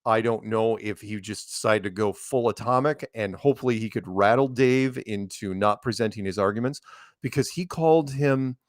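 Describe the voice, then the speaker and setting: A man's voice: on the low side, normal speed, no room sound, studio quality. Rambling man in casual chat. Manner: rambling, laughs often. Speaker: guest.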